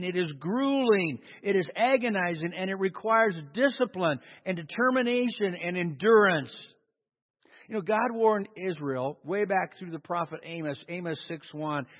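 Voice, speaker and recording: A man preaching a sermon to a congregation, emphatic and calling for responses. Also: sits high. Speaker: pastor. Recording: dull sound in a long-reverb hall.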